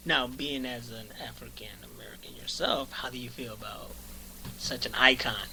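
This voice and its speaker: A man's voice: medium pitch, fairly even intonation, normal speed, creaky, pushed and bright, slight background noise. A man hosting a casual podcast who jokes, swears freely and laughs often. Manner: joking, profane, laughs often. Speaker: podcast host.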